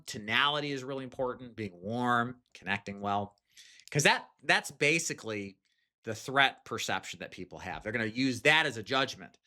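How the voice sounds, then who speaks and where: Direct male sales coach with a bright, forward voice, talking plainly to new agents. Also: medium pitch. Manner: direct, conversational, frequent "okay?" check-ins. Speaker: sales trainer. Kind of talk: instructional talk.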